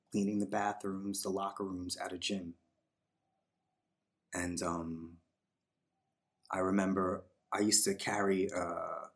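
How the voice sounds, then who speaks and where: A man who is a podcast guest, telling a personal story in a reflective, unhurried way, with fillers and voiced quotes. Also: low-pitched, a bit bright.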